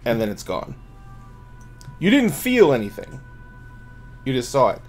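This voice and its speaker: A man's voice: mid-range voice, huge pitch swings, unhurried, soft background music. A man running a tabletop game as game master, narrating loosely with many fillers and restarts.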